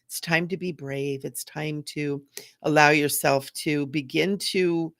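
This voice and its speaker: Speaking slowly with fairly even intonation, this middle-aged psychic medium hosts a casual live stream in a low voice. She's earnest and chatty, saying hello to viewers and using fillers and restarts, captured in a dry, studio-quality recording.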